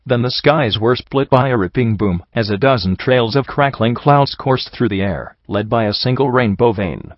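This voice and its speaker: A man's voice: medium pitch, moderate pace, hardly any pauses, no echo, highs cut off. A man narrating a dramatic first-person story in an earnest, emotional reading.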